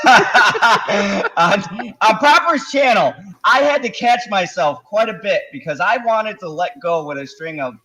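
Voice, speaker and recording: A man's voice: high voice, lively intonation, unhurried, pushed and bright, rough recording. A man hosting a casual online chat show, loose and joking, laughing often between remarks. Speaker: host.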